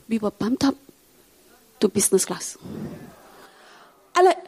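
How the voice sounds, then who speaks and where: A woman's voice: fairly high pitch, sing-song, measured pace, pauses often, warm tone, slightly rough. A woman from Singapore with a Singaporean English accent, a pastor's wife telling her testimony to a congregation and acting out the people she quotes.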